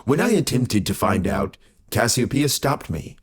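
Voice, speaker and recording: A man reading an audiobook, voicing a calm, grave male immortal who speaks in a measured, cautioning way with a husky tone. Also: mid-range voice, pitched above the performer's own voice, full character voice. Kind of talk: audiobook character voice.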